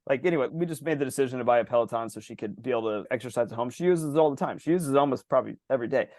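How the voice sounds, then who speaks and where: A man's voice: medium pitch, rapid-fire, no room sound. A man co-hosting a podcast, chatting casually, telling long rambling stories with swearing and acted-out quotes. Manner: rambling, profane, animated storytelling with acted-out quotes. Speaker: podcast co-host. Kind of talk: casual chat.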